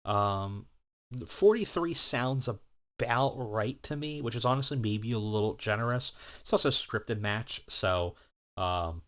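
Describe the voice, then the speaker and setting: A man's voice: on the low side, animated, unhurried, a bit bright. A man giving casual, rambling commentary on a wrestling management game, with many filler words. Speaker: let's play host.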